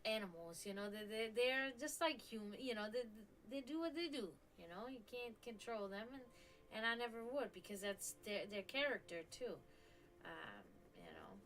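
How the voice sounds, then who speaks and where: A woman's voice: a little high, big pitch swings, normal speed, a bit bright. A woman hosting a live stream, chatting casually and rambling, with frequent restarts and offhand swearing. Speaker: stream host.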